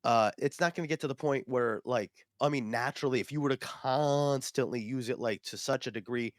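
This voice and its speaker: A man co-hosting a podcast, telling stories in a rambling, animated way with lots of fillers. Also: medium pitch, brisk, no room sound, clean studio sound. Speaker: podcast co-host. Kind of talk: casual chat.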